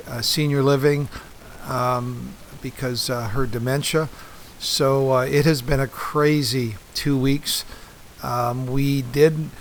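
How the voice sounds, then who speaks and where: A man's voice: medium pitch, a little hiss or hum. A middle-aged man hosting a podcast in a casual monologue, rambling with many ums, uhs and restarts. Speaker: podcast host.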